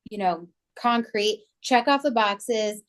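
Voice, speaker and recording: Woman co-host, relaxed talker who leans on "like" and "you know". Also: mid-range voice, slow pace. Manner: chatty, many "like" and "you know" fillers. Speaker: podcast co-host. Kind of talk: casual podcast conversation.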